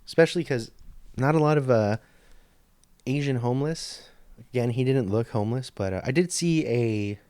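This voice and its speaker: A man's voice: medium pitch, normal speed, a little mellow, clear, resonant tone, no room sound. Guy rambling through a story on his podcast, swears a lot, keeps restarting, dry close mic. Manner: rambling, profane, stop-start delivery. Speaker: podcast host. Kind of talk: casual storytelling monologue. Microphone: studio microphone.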